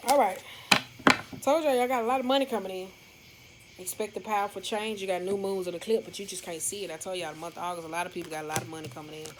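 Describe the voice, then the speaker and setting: A woman's voice: mid-range voice, steady tone, fast talker, noisy background. Rambling, swearing woman tarot reader. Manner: rambling, profane, talks straight to viewers. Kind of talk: casual monthly love reading.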